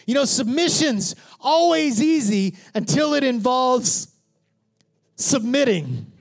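A man preaching a sermon in church, joking with the congregation and swinging from hushed whispers to shouts. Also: very high-pitched, big pitch swings, slow pace. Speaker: pastor.

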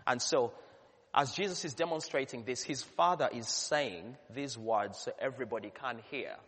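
Pastor guy preaching, mid pitch, earnest and swells loud sometimes, long church reverb. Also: moderate pace, husky. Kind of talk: sermon.

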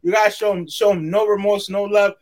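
A man's voice: high-pitched, flat delivery, a little fast, a little mellow. A man co-hosting a live sports talk show, hyped and goofy, firing up a fighter. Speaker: co-host. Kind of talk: casual live-show chat.

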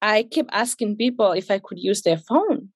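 A woman's voice: mid-range voice, expressive, normal speed, dry recording. A young woman, an interview guest, telling a personal story in conversation, emotional and acting out what people said to her. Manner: emotional, retells with quoted dialogue.

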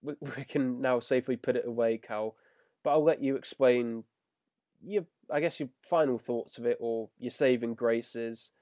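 A man talks through a cartoon episode with weary irritation, his voice mellow and warm. The sound is dry and close, with no room around it. He rambles in a casual, grumbling way. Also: medium pitch, moderate pace, no room sound. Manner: grumbling, exasperated critique. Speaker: podcast co-host. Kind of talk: casual episode review chat.

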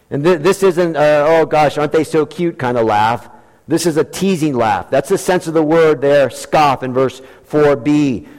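A male pastor preaching a sermon with emphatic delivery, acting out quoted lines in animated voices. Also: a little high. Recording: long hall reverb.

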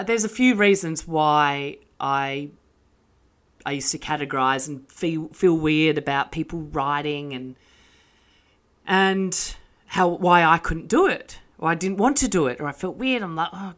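A woman's voice: on the low side, a bit bright. Candid, swearing woman. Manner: candid, swearing, self-mocking with laughs. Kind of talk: casual monologue.

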